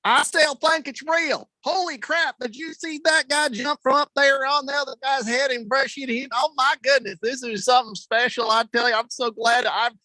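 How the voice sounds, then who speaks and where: A man's voice: very high-pitched, fairly even intonation, moderate pace, hardly any pauses, pushed and bright, dry recording, pitched above the performer's own voice. A man voicing an overexcited lifelong wrestling fan who gushes breathlessly. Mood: gushing awe.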